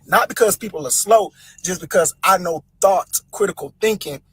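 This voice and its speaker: Southern man, blunt profane rant, high husky voice, dry sound. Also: normal speed, a bit bright, no room sound. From American South. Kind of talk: casual rant to camera.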